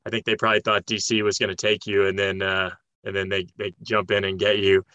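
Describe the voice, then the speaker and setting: A man's voice: on the low side, flat delivery, a little fast, bright, forceful tone, no echo, muffled recording. A man hosting an interview, asking loose, rambling questions. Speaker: interviewer, host.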